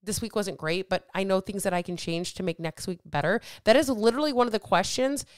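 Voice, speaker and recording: Woman podcast coach, mid-pitched, blunt and profane, motivational, clean dry recording. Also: fairly quick, smooth, no room sound. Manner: blunt and emphatic, swears freely; motivational, addresses listeners directly. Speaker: weight loss coach and podcast host. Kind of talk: casual podcast monologue.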